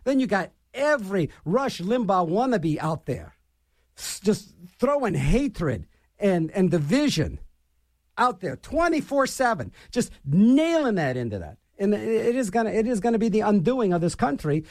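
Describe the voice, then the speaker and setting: A man's voice: high voice, very animated, normal speed, a little mellow, no room sound, studio quality. A middle-aged man hosting a radio show and delivering an opinionated political rant, scornful and repeating his phrases for emphasis.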